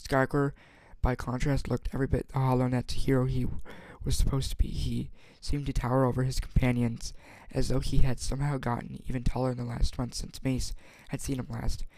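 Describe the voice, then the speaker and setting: Halting man reading a novel aloud. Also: medium pitch, level tone, darkish tone, no room sound. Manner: halting, frequent stumbles and restarts. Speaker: audiobook reader. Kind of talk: amateur novel read-aloud.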